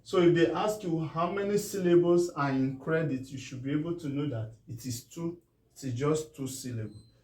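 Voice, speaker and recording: A man with a Nigerian English accent teaches spelling, sounding words out slowly and often asking whether it is clear. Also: a little high, dark tone. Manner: drawn-out syllable-by-syllable pronunciation. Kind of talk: spelling lesson. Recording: echoey room from far off.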